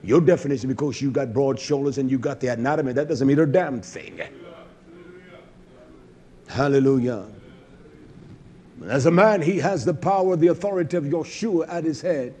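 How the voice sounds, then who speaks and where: Fiery preacher man, shouting and muttering. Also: normal speed, long pauses, slight background noise. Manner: swings from low muttering to shouted high exhortation, cursing bluntly. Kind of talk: fiery sermon.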